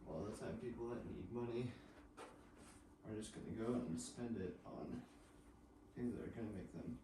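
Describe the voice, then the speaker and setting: A male student answering in class, slow and halting. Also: fairly low pitch. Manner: slow and hesitant, halting phrases. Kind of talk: classroom discussion. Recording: echoey classroom from far off, audible noise.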